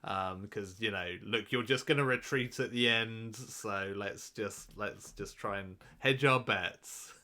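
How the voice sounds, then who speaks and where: A man's voice: lowish voice, a little slow, hardly any pauses, bright, forceful tone. A man co-hosting a podcast, chatting casually and joking, often restarting his sentences. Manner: rambling, self-interrupting, joking. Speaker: podcast co-host. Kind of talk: casual chat.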